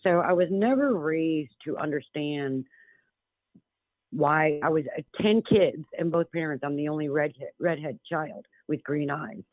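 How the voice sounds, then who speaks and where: Male caller, rambling and sincere, slightly high voice, thin phone-line sound. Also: a little slow, no echo. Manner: rambling, earnest, with many restarts. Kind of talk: casual storytelling on a talk radio show. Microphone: telephone.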